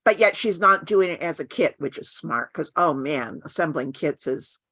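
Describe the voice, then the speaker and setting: Older lady guest, frank and wry, low-ish voice but bright, dry close mic. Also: lively intonation, normal speed, slightly rough, no room sound. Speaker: guest artist. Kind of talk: casual chat.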